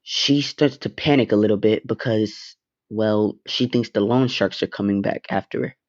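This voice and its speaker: A man's voice: fairly low pitch, moderate pace, dull audio. A young man casually narrating a fan story, with offhand, rambling asides and swearing.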